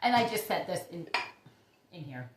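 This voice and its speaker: A woman hosting a casual vlog about her orchids, chatty and gushing with breathy exclamations. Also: fairly low pitch, big pitch swings, normal speed, noisy background. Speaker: orchid YouTuber. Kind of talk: casual show-and-tell vlog. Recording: echoey room.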